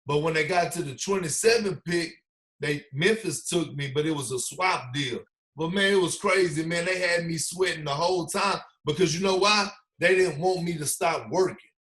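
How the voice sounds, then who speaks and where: With a voice on the high side and a normal speaking speed, this ex-basketball player animates his podcast stories with slang and acted-out quotes from other people.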